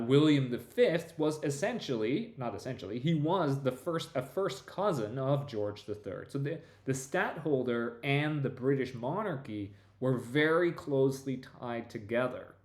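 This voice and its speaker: A male history professor talks through a long explanation. He speaks at a middle pitch, restarts his sentences often and tags points with quick asides. His voice carries a noticeable room echo. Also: lively intonation. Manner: discursive, many restarts and "right?" tags. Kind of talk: conversational lecture-style explanation.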